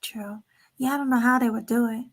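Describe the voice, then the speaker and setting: A woman chatting casually as a co-host, her voice a touch higher than most. She keeps her lines short and agreeable, chiming in with quick replies. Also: steady tone. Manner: brief agreeing backchannel replies. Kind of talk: casual reaction chat.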